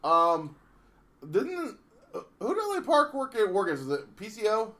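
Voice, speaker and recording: A man's voice: high-pitched, wildly swooping pitch, moderate pace, pushed and bright. A man co-hosting a casual wrestling podcast, rambling through the card with lots of fillers and easy laughs. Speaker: podcast co-host.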